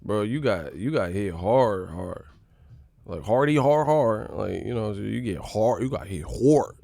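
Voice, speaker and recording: A man with a Californian accent hosting a casual live stream, loud and joking, swearing and laughing a lot. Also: fairly low pitch, animated, measured pace, creaky, dry recording.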